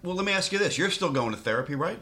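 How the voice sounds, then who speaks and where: A middle-aged man telling an exasperated comic story, yelling and laughing as he goes. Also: high voice, expressive, racing. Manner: exasperated, yells and laughs through his story. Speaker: podcast guest. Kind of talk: comedic storytelling rant.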